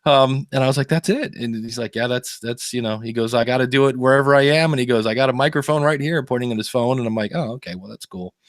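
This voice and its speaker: A man's voice: mid-range voice, fast, hardly any pauses, dry recording. Man, podcast co-host, casual chat, storytelling, laughs a lot, dry sound. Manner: chatty storyteller, laughs often, many fillers.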